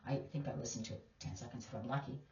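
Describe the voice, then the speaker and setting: A woman's voice: a bass voice, fairly even intonation, racing, warm tone. Emphatic woman in an echoey room. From Canada. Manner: emphatic, opinionated. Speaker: teacher. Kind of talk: casual commentary. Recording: distant, echoey, dull lo-fi.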